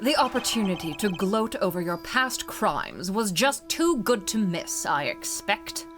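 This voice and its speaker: A woman's voice: mid-range voice, sing-song, a little slow, over music. A woman reading a cool, composed prosecutor. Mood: cool composure. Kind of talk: reading game dialogue aloud.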